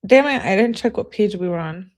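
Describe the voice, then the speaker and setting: A woman's voice: mid-range voice, animated, a little fast. A woman hosting a casual livestream, chatting and reading messages aloud with awkward, laughing asides. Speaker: streamer host.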